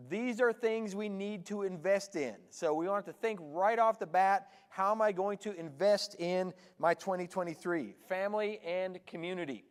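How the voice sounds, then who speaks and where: Canadian guy pastor in his 40s, high voice, joking around with the church crowd, big hall echo. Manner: chatty, joking with the congregation. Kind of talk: sermon. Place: church sanctuary.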